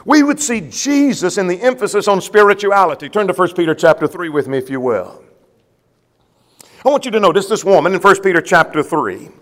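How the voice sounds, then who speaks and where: A man's voice: a little high, a bit bright, in a large hall. A man preaching a sermon to a congregation, emphatic, repeating a refrain and putting questions to his listeners.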